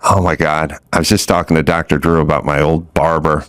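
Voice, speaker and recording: A man's voice: rumbling low, little pitch movement, fairly quick, a bit bright, smooth, no room sound, clean studio sound. A middle-aged man hosting a podcast in casual chat, rambling and exasperated as he tells stories. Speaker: podcast host.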